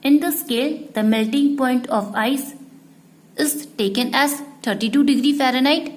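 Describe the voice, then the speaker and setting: A woman teacher, explaining a lesson to students slowly and repeating each point. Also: high voice, rough recording. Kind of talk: slow classroom explanation.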